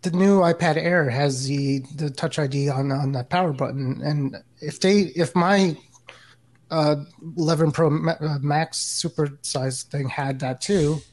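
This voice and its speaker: A man co-hosting a casual tech podcast, relaxed and rambling, often correcting himself mid-sentence. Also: on the high side, a little slow. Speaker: podcast co-host.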